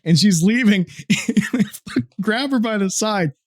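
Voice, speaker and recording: High-pitched dude on a gaming podcast, swears a lot, keeps cracking up. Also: male voice, moderate pace. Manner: crude, laughs often, teasing storyteller. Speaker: podcast co-host. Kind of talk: casual gaming podcast chat.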